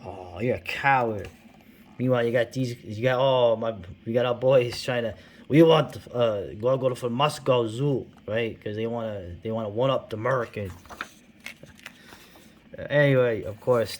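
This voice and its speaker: A man's voice: mid-range voice, slight background noise. A middle-aged man from New York City, talking over comic books in a loose, rambling way. He fills his talk with fillers and asides and chuckles often. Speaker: comics video host. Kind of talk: casual rambling commentary.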